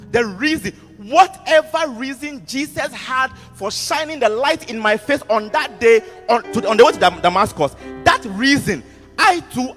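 A man preaching a sermon to students, animated, repeating words and asking the audience questions. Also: very high-pitched. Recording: music underneath, long hall reverb.

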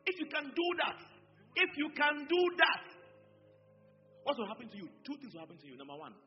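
A man's voice: very high voice, fairly quick. A man in his thirties or forties with a Ghanaian English accent, preaching a sermon, repeating phrases and calling out to his congregation. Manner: animated, repeats phrases, addresses congregation directly. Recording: echoey hall, dull sound, faint music behind.

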